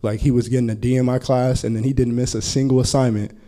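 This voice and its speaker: A man's voice: mid-range voice, level tone, fast talker, warm tone. A man who teaches college counseling tells a story at a panel talk in a casual way, full of "like" fillers. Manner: casual, heavy use of filler "like".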